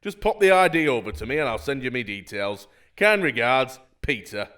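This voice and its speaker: A man's voice: medium pitch, big pitch swings, normal speed, bright, forceful tone, smooth. A man reading as a lovesick fake banker. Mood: polite. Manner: mock-earnest, melodramatic letter reading. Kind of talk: reading bait emails aloud.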